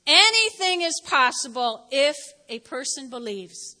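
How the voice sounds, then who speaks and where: A woman pastor gives a lively sermon in a church, speaking straight to her listeners. Her voice sits high and sounds bright and forceful, and a long reverb from the large hall trails after her words. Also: a little slow. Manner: lively, talks straight to the congregation, acts out quotes. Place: church sanctuary.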